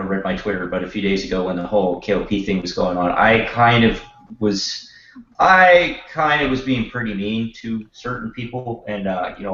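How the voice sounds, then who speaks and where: A man's voice: on the low side, a bit bright. A man with a nasal, blocked-up voice, rambling and swearing in a casual voice chat while sick. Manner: rambling, self-deprecating, swears freely. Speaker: panelist. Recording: roomy, dull lo-fi voice chat.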